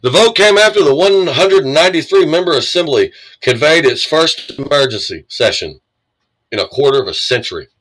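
A man's voice: on the high side, expressive, normal speed, fairly bright tone, low-quality recording. Angry, swearing man ranting. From United States. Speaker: commentator reading the news. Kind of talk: profane political rant.

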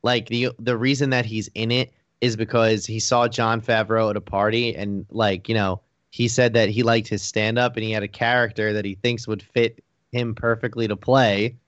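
A man's voice: on the low side, flat delivery, normal speed, a bit bright, no echo. A man hosting a podcast in casual chat, rambling with lots of "like" and frequent laughter. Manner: rambling, heavy use of "like", laughs often. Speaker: podcast host. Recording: dull, lo-fi dry recording.

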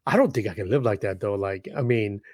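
A man co-hosting a podcast in casual chat, talking in an excitable, slangy way and acting out scenes as he goes. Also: lowish voice, brisk, no echo, clean studio sound. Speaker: podcast co-host.

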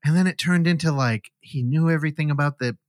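A man's voice: a little high, fast talker, dry recording, studio quality. A man co-hosting a movie podcast, recapping a film with casual swearing and acting out scenes in mock voices. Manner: profane, animated, acts out scenes in silly voices. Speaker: podcast co-host. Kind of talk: casual movie review chat.

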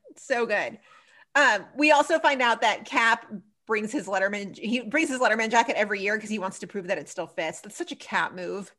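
A woman co-hosting a podcast, recapping TV episodes in a casual, animated chat full of laughs and fillers. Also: medium pitch, a little fast. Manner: animated, laughing, lots of "like" and "so funny". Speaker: podcast co-host.

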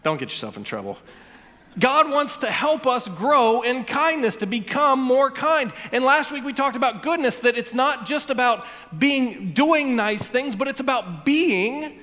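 A pastor with a notably high voice delivers an earnest sermon to his congregation, often stumbling into a repeated word before a phrase. His voice carries a long reverb from the large sanctuary around him. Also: unhurried, hardly any pauses, bright, forceful tone. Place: church sanctuary.

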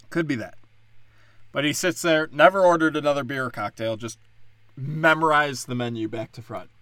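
Bright-voiced young man ranting casually. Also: medium pitch, normal speed, smooth, no room sound. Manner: profane, rambling, animated storytelling. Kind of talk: casual storytelling rant.

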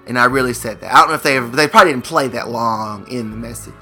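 A man's voice: mid-range voice, fast talker, hardly any pauses, pushed and bright, slightly rough, soft background music. A man co-hosting a podcast in casual chat, telling long rambling stories and swearing casually. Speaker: podcast co-host.

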